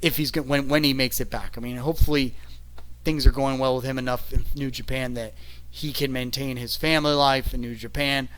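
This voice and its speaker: A man's voice: mid-range voice, steady tone, fairly quick, fairly bright tone, a little hiss or hum. A man reviewing a wrestling show in casual, rambling commentary, often tacking "okay?" onto his sentences. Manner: rambling, keeps adding "okay?".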